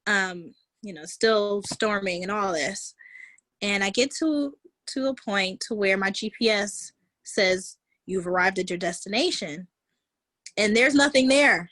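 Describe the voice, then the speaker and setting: A woman guest telling a personal story in a conversation, animated and vivid, leaning on "like" and "honey". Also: medium pitch, measured pace, no room sound. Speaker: guest, founder of a moms' group.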